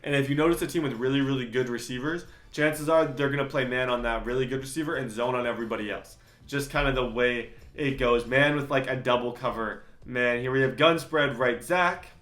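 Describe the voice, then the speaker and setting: A man's voice: mid-range voice, a little fast, few pauses, a bit bright, roomy sound. A young man giving a casual, rambling vlog commentary with lots of fillers. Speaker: YouTuber.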